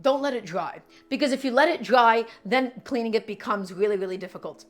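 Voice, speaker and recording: A woman with a slightly high voice hosts a live cooking stream in a loose, chatty way. She talks straight to her viewers and repeats each step as she works. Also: a little fast.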